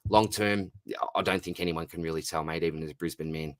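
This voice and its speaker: A man's voice: low voice, fairly even intonation, fast talker, no room sound, clean studio sound. An Australian man hosting a casual live Q&A stream, laid-back and chatty, reading out viewer questions and calling everyone mate. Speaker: fantasy football livestream host.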